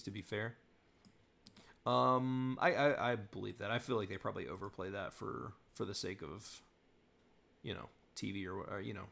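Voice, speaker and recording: A young man from southern Virginia chats loosely on a live stream, with a low voice that has a gravelly, creaky edge. He rambles through comments with plenty of fillers and restarts, talking into a desk mic. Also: fairly bright tone. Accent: General American with slight Southern Virginia tinge. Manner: rambling, many fillers, reads chat aloud. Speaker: YouTube host answering live chat. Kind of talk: casual live-stream chat.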